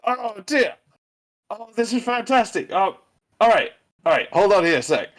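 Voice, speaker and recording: Man doing a high, cursing hot-headed mechanic. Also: very animated, moderate pace. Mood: delighted. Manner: cursing, flustered then gleeful. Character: hot-tempered swearing male mechanic.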